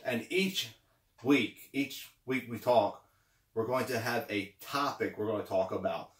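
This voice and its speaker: A motivational vlogger, slightly winded, gives a casual, encouraging pep talk, repeating himself a lot and checking in with "okay" and "right." His lowish voice is unhurried and sounds roomy, recorded far from the mic.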